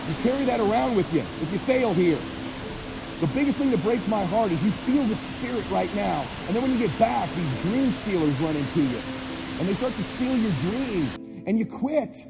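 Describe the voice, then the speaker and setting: Gravelly high-voiced man preaching motivation. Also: animated, normal speed. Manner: insistent, repetitive exhortations, bursts of shouting. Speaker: motivational speaker. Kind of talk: fiery motivational speech to a live audience. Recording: echoey hall, music underneath.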